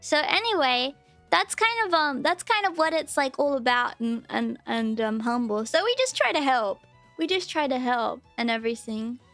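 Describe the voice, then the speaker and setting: A woman with an Australian accent chats with her stream in a high, lifted voice. She rambles and restarts her sentences often. The mic is close and dry, and soft music plays faintly underneath. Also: expressive, moderate pace, dry recording. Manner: chatty and rambling, lots of restarts. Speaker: VTuber streamer. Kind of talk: casual livestream chat.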